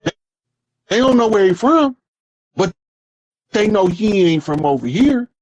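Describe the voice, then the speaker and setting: A man's voice: high-pitched, very animated, measured pace, a little mellow, dry recording. A man talking in a casual, profane monologue, telling stories with heavy emphasis. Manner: profane, emphatic street storytelling. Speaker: podcast speaker.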